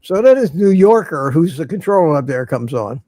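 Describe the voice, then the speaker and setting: An older man hosts a relaxed livestream, his voice sitting a little high. He rambles through stories and laughs at his own jokes. The sound is dry and close, with no room around it. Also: normal speed, dry recording. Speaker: livestream host. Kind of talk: casual chat.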